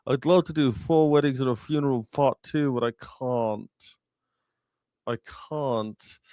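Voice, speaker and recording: A man doing an impression of an apologetic English film star who talks in a soft, halting stammer. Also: medium pitch, dry recording, studio quality, lightly acted.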